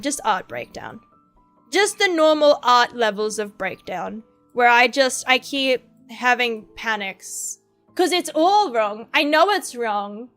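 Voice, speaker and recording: A woman's voice: sits high, sharp tone. A young woman streaming while drawing, rambling in a frustrated, self-deprecating way into a desk mic. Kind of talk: casual chat while drawing.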